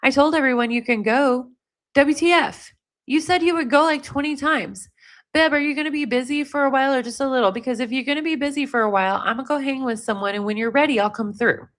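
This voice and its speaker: A woman reading aloud the angry texts of an upset young woman to her boyfriend, in a rapid, exasperated way. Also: high voice, a bit bright.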